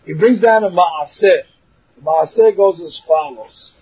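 Husky animated man teaching a Torah lesson. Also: high-pitched, unhurried. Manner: lively, mixes Hebrew and English, acts out voices, laughs. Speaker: rabbi teaching a class. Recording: dull lo-fi recording.

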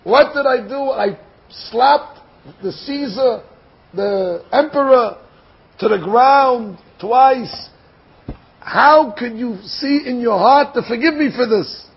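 A man's voice: extremely high pitch, slow, husky, muffled recording, full character voice. A man playing a begging, humbled general. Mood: pleading. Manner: pleading, crying out. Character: humbled army general begging an emperor's forgiveness.

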